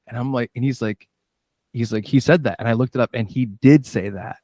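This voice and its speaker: A man, a musician and director, telling lively stories in a casual interview and acting out what people said. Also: mid-range voice, fairly quick, no echo, studio quality. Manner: animated storyteller, acts out quoted dialogue.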